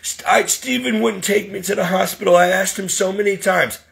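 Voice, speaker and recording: A man's voice: high voice, fairly even intonation, normal speed, vocal fry, fairly bright tone, voice pushed up, heavily acted. A man voicing a frail, whiny, defensive older woman who complains and makes excuses. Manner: whining, self-pitying.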